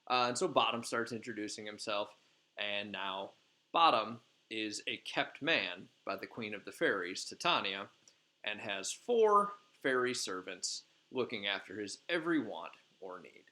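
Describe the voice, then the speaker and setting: A man's voice: mid-range voice, lively intonation, normal speed, sharp tone. A male teacher retelling a play for his class in a chatty, informal way with lots of fillers.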